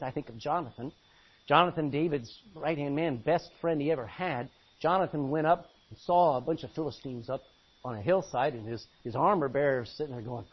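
A man preaching a sermon in an animated way, acting out Bible scenes as he goes. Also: fairly high pitch, brisk, breathy edge. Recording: dull lo-fi recording.

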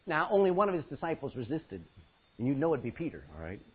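A high-voiced man preaches with a husky edge, his pitch leaping and falling as he acts out scripture scenes. He breaks into laughs and drops low for emphasis. The recording sounds dull and lo-fi. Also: fast. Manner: animated, acts out Bible scenes with laughs and dramatic drops in volume. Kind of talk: sermon.

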